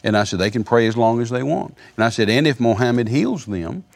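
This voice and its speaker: An older man with a gravelly, creaky voice, telling stories as a guest minister on a broadcast interview. He talks in a folksy way, often doubling his words as he goes, at an average pitch. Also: lively intonation, brisk.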